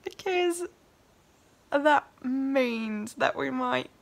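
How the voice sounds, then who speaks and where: Slow-talking young woman, gravelly and tearful. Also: high-pitched, expressive. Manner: tearful, laughing, overwhelmed and breathless. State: crying. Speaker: singer-songwriter vlogging her first song. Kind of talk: emotional personal vlog.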